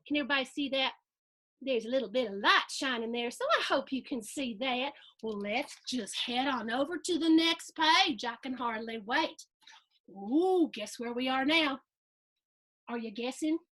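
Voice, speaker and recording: A woman's voice: high-pitched, normal speed, fairly bright tone. A woman hosting a children's storytime, reading a picture book aloud with lots of questions and sound effects. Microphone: video stream.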